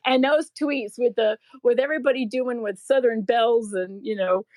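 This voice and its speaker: A woman's voice: fairly high pitch, normal speed, dry recording. A woman chatting casually on a live pet show, effusive and laughing as she talks. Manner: warm, gushing, laughs while talking. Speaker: podcast co-host.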